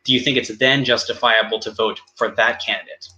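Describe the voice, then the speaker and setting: Male debater, bright and sharp, rapid and halting. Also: fairly low pitch, fairly even intonation, muffled recording. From United States. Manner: rapid, halting, many restarts. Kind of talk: online debate, cross-examination.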